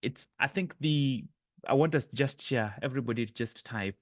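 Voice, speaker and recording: A man's voice: mid-range voice, normal speed, dry recording, clean studio sound. A man leading a live online coaching session over a webcam, speaking earnestly with frequent restarts and repeated words.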